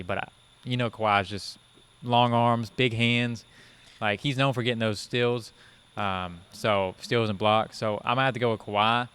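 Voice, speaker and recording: A man co-hosting a casual sports podcast, weighing his points in a calm, reasoned way. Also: fairly low pitch, smooth. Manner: measured, reasoned, lots of um and I feel like. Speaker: podcast co-host.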